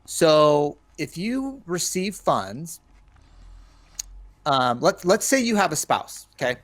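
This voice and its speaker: A man co-hosting a podcast, calmly explaining a listener's question. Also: fairly high pitch, slow pace, dry recording. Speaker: podcast co-host. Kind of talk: casual podcast chat.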